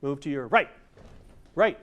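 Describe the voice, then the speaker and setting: A man's voice: on the high side, lively intonation, unhurried, dull audio. Playful older man leading a movement workshop. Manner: playful, demonstrative, acts out overblown theatrical lines. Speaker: masterclass presenter. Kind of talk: workshop lesson with audience exercises. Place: room with a live audience.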